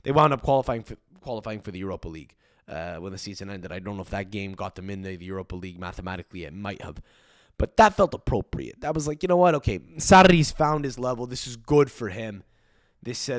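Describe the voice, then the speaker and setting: A man hosting a podcast alone, ranting in a profane, rambling way with sudden jumps up in pitch. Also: expressive, quick pace, dry recording, studio quality. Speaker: podcast host. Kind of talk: solo ranting podcast monologue.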